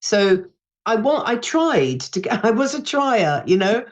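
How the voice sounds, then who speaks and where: A woman's voice: fairly high pitch, sing-song, measured pace. A woman in her sixties, a comedian and author, chatting on the radio in a rambling, self-deprecating way with many restarts. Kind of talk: casual radio interview.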